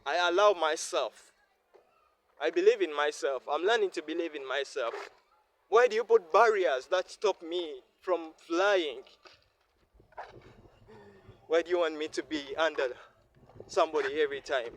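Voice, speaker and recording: A man's voice: a little high, unhurried, pauses often. A Ugandan man talking to his viewers in a vlog, earnest and repetitive, speaking from the heart. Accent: Ugandan English. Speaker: vlogger. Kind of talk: reflective vlog monologue. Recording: faint ambient noise.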